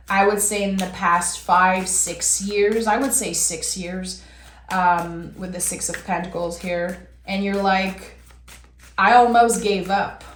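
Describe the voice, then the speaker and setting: A woman giving a tarot reading, talking earnestly and warmly straight to the viewer. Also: medium pitch, slight background noise. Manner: earnest, heartfelt, addresses viewer directly. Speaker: tarot reader. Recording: roomy echo.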